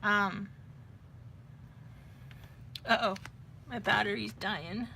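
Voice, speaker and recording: Gravelly bright-voiced woman chatting. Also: mid-range voice, drawn-out words, slight background noise. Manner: rambling, chatty, thinks aloud. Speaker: vlogger showing beading crafts. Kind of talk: casual chat.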